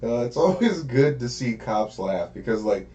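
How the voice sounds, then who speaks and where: A man's voice: mid-range voice, big pitch swings, normal speed, muffled recording. A man chatting casually on a podcast, laid-back, repeating lines for comic effect. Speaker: podcast co-host. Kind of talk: casual chat.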